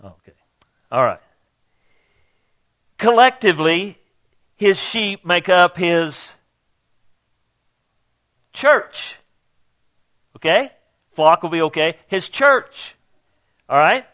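A man's voice: high voice, lively intonation, extremely slow, pauses often, sharp tone, dull audio. An older man preaching a sermon in a folksy, conversational way, speaking directly to the congregation. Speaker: pastor.

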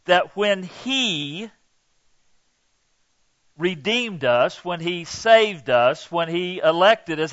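A man's voice: high voice, fairly bright tone, no room sound, dull audio. A male pastor preaching a sermon in an earnest, emphatic way, acting out quoted lines.

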